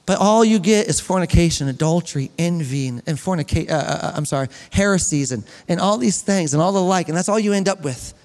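A man preaching a sermon to his congregation in a church, energetic and building to near-shouts. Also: on the high side, brisk, few pauses. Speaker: pastor. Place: church sanctuary. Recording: long reverb of a hall.

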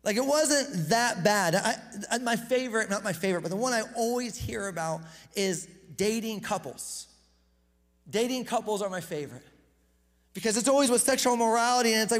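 A pastor giving a casual, conversational sermon, energetic and self-deprecating, often repeating words as he gets going. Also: high voice, normal speed. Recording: reverberant hall.

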